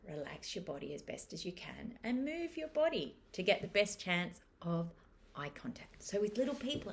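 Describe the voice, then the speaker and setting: Low, gravelly-voiced woman teaching calmly. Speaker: parenting educator. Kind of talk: explaining a parenting technique to camera.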